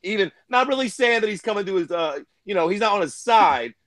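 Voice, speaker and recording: A man's voice: high-pitched, lively intonation, fairly quick, fairly bright tone, dry recording. A man from Ohio co-hosting a fight talk show, ranting bluntly and crudely. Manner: blunt, crude, heated rants. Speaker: co-host. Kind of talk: profane casual chat.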